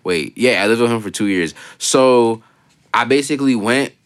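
A young man hosting a podcast, telling profane, animated stories in casual chat and slipping into quoted voices. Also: medium pitch, normal speed, clean tone. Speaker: podcast host.

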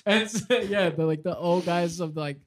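A man's voice: high-pitched, normal speed, dry recording. A man co-hosting a podcast, telling stories in a loose, rambling way full of "like" and restarts. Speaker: podcast co-host. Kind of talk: casual storytelling chat.

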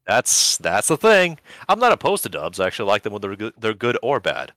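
A man's voice: lowish voice, wildly swooping pitch, a little fast, fairly bright tone, dry recording. A man co-hosting a casual podcast, making dry, wry remarks. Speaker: podcast co-host. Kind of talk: casual chat.

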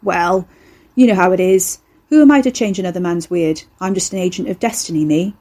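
A woman's voice: fairly low pitch, fairly quick, warm tone, lightly acted. A woman voicing a cocky young man who is an eldritch horror in human form, talking in a casual, slangy, offhand way. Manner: casual, slangy, chatty, unbothered.

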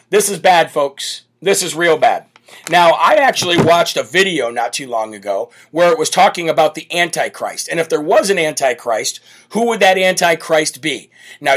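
A political talk show host from the United States, he has a fairly high, somewhat bright voice. On his live commentary show he talks in a brash, emphatic, bold manner.

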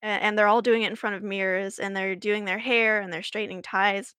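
A woman tells a story as a podcast co-host, chatty and full of little fillers and restarts. Her voice sits at an ordinary pitch. The recording is dry and close. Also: steady tone, brisk, fairly bright tone, smooth, no room sound. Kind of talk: casual chat, storytelling.

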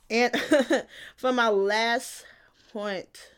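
A woman's voice: a little high, fairly even intonation, takes it slowly, clean tone. A young woman talks into her home mic for a solo podcast episode. She rants bluntly and swears freely. She circles back to repeat her points and laughs at her own lines. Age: young adult. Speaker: podcast host. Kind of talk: casual solo podcast rant.

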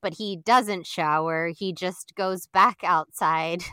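A woman co-hosting a podcast, casually recapping a reality show with animated storytelling, acting out quotes and laughing often. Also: lowish voice, slow pace, clean tone, no room sound, clean studio sound. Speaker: podcast co-host.

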